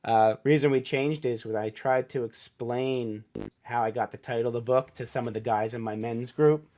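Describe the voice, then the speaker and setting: A middle-aged man speaks as a podcast guest in an earnest, heartfelt way. He acts out the people in his story as he goes. His voice sits at an ordinary pitch, neither high nor low. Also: steady tone, moderate pace, warm tone. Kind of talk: casual storytelling interview.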